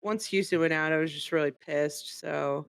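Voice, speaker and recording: A woman co-hosting a podcast in casual chat, animated and teasing, filling her talk with "like". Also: low-pitched, moderate pace, vocal fry, smooth, dry recording, clean studio sound. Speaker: podcast co-host.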